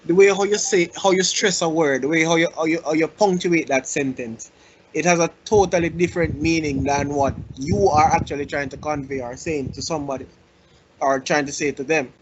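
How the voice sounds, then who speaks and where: A man's voice: on the high side, fairly even intonation, a little fast, slight background noise. A man co-hosting a casual podcast, rambling and restarting his sentences, laughing easily, over a muffled lo-fi recording.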